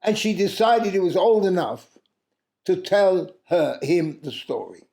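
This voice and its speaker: A man recounting an old folk tale with a gravelly, somewhat high voice. He takes his time and pauses between phrases. His tone is mellow, and he breaks off now and then to correct himself. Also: very animated. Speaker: storyteller. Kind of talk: oral storytelling of a traditional tale.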